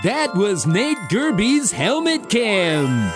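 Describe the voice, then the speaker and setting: A show announcer stretching each word in a swooping, sing-song delivery, as a performer puts it on. Jingle music plays clearly under the voice. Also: mid-range voice, very animated, drawn-out words.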